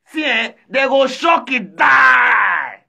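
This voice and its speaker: A man with a Nigerian accent, chatting live and reading viewer comments aloud, animated, often shouting and repeating himself. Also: extremely high pitch, takes it slowly, vocal fry, breathy edge. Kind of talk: casual live-stream chat.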